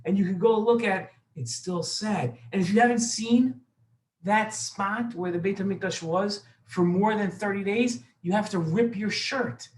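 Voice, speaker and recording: A man's voice: sits high, unhurried, reverberant, poor audio. A man, a rabbi, telling a children's story in an explanatory way, talking to the listener directly.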